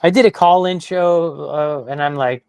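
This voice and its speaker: A man joining a casual panel chat as a guest, chatty and quick to laugh. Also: a little high, gravelly, a little mellow, clean tone, no echo.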